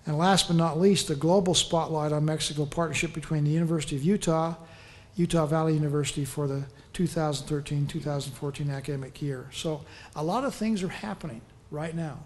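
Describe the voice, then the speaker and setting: A man's voice: fairly high pitch, a little fast. A man giving an earnest, upbeat public speech as a governor at a press conference. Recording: echoey room, faint noise.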